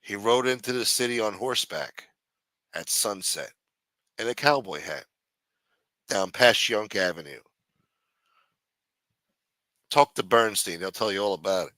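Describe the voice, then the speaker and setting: A male talk show host rambles through sardonic, foul-mouthed commentary. His voice is bright and forceful, recorded dry and close. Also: lowish voice, normal speed, no echo. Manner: sardonic, profane, mumbling asides. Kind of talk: casual profane commentary.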